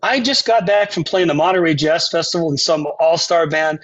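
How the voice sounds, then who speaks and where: A man's voice: a little high, brisk. An older man, a composer and saxophonist guest, telling stories in an interview and acting out the people in them. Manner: animated storyteller, acts out quotes and sings phrases. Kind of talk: conversational interview storytelling. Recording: dull lo-fi podcast audio.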